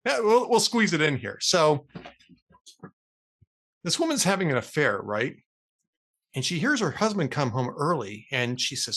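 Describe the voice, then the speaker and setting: A middle-aged man hosting a talk show, telling long jokes in a relaxed, chatty way. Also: normal speed. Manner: lively storyteller, animated pitch. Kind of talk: casual joke-telling chat.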